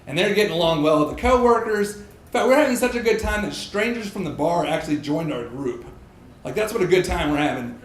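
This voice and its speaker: A man telling a true personal story on stage, animated and self-mocking, laughing through his lines. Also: high-pitched, a little fast. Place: stage in a pub. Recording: echoey live room, faint crowd noise.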